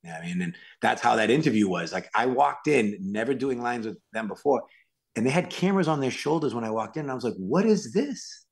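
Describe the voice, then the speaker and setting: A man with a Worcester, Massachusetts accent tells stories as a podcast guest, his voice gravelly with fry. His pitch swings widely as he acts out what others said. He talks casually, full of "like" and "I mean.". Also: fast talker. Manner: animated, acts out quotes, many fillers. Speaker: guest, actor and stuntman. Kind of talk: casual storytelling in an interview.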